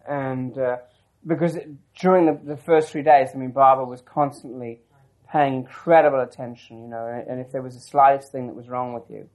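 Speaking a little fast with hardly any pauses, this man has a medium-pitched, darkish voice and a steady tone, though the audio is poor. His oral history account is long and personal, reflective and rambling, full of restarts and digressions.

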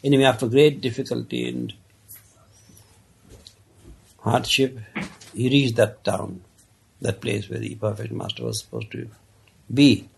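A man telling a parable in an unhurried, conversational way, with many casual asides. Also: medium pitch, animated, creaky, slightly rough. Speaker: storyteller. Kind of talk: casual spoken storytelling of a parable.

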